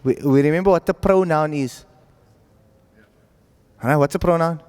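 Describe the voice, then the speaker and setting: A man with a fairly high voice teaches Quran recitation to a class. He talks casually and keeps checking that his students follow with a quick "right?". The sound rings with a long echo, as if recorded in a large hall. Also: darkish tone, clean tone. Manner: informal, checks understanding often with "right?". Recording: echoey classroom audio.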